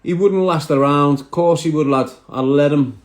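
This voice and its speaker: A man's voice: a little high, moderate pace, soft background music. A man, chatting brashly on a live stream and answering viewer comments. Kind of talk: casual live stream chat.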